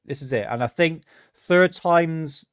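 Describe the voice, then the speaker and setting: A man's voice: on the high side, unhurried, clear, resonant tone, no echo, clean studio sound. A man hosting a live stream, chatting casually with frequent restarts and laughs.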